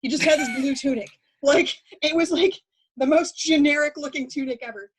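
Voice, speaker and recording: A woman with a high voice tells animated stories in a casual chat. She restarts sentences often and laughs between lines. She co-hosts the conversation. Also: a little fast, a little hiss or hum, poor audio. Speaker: podcast co-host.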